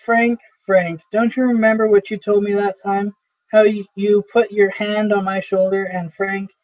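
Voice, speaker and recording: A man's voice: high voice, flat delivery, moderate pace, no echo, lightly acted. A man reading as a desperate aging salesman, pleading. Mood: bewildered. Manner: pleading, insistent. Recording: dry, tinny phone-like sound.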